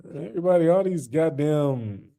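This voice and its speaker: A man's voice: on the high side, expressive, normal speed, gravelly, mellow. A man hosting a casual reaction stream, talking loosely with lots of slang and fillers and laughing often.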